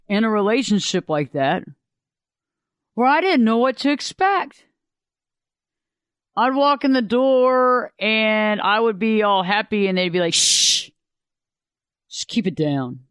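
Male advice speaker, high and clear, dry close sound, animated delivery. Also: slow pace, pauses often, dry recording. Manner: animated, acts out quoted voices. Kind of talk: casual advice monologue.

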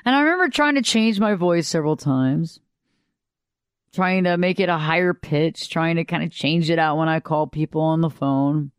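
A woman with a lower voice than she'd like, giving an unhurried, reflective motivational talk that repeats phrases and asks the listener questions. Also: clean tone, dry recording, studio quality. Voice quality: lower voice than she wished for. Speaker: motivational speaker.

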